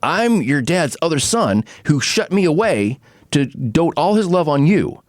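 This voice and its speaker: A man's voice: fairly high pitch, sing-song, measured pace, dry recording, studio quality, pitched above the performer's own voice. A man acting out a bitter, resentful young outlaw who is the hero's stepbrother, speaking raised and intense.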